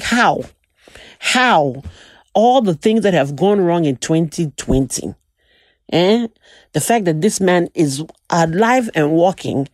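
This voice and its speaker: A young woman, telling a profane, animated story in a casual monologue. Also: sits low, dry recording, clean studio sound. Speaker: commentator.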